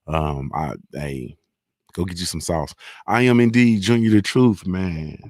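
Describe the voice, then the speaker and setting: A man's voice: low voice, a little slow, darkish tone, dry recording, clean studio sound. A man hosting a casual solo morning show, talking in a laid-back way with lots of "man" and "you feel me" as he reads sponsor plugs. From Ohio.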